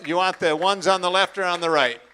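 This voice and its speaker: A man's voice: high voice, steady tone, a little fast, sharp tone, a little hiss or hum. A man emceeing a student auction, opening lots and encouraging the sellers with folksy banter. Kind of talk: auction announcing. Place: auction hall.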